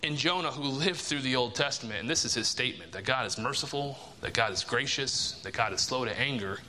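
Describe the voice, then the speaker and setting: A man's voice: mid-range voice, brisk, bright, forceful tone. A man preaching a sermon, emphatic and repetitive, firing rhetorical questions at his listeners. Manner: emphatic, repeats key phrases, rhetorical questions. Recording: long reverb of a large hall.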